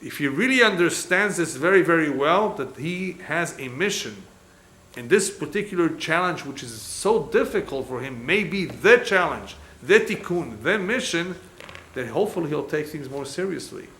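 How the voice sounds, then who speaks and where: Rabbi guy lecturing, bright slightly high voice, lively storyteller, echoey room with faint hiss. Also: normal speed. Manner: animated storyteller, acts out quoted dialogue.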